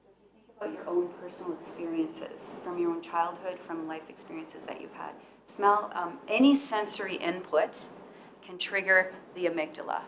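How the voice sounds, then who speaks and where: A woman who works as a school counselor, giving parents calm, measured advice. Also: on the low side, a little hiss or hum, poor audio. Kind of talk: presenting at a parent talk.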